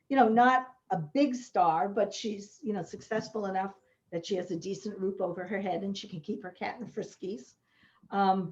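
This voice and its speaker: A woman novelist talking about her mystery book, then reading a passage aloud with lively quoted dialogue. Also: medium pitch. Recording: dull lo-fi audio.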